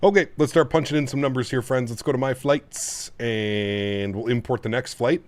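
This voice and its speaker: A man's voice: medium pitch, normal speed, darkish tone. A man from Canada hosting a casual live flight-sim stream, cooing to his dog and talking through cockpit setup steps.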